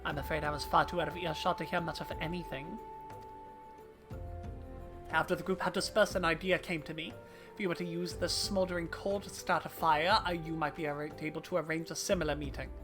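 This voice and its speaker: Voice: mid-range voice, steady tone, a little fast, music in the background, natural voice. A streamer voicing a struggling, wheedling small merchant while reading game dialogue aloud on stream. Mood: eager. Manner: theatrical read of game dialogue.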